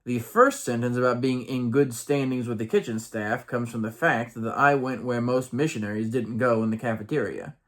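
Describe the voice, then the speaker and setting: A man's voice: medium pitch, steady tone, normal speed, hardly any pauses. A man in his late thirties reading aloud from a personal journal, with wry, amused asides and playful lifts in his voice.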